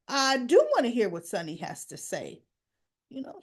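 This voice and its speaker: A woman's voice: fairly high pitch, moderate pace. A woman recapping a soap opera episode, casually retelling each scene and acting out the characters' lines. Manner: animated, acts out the lines.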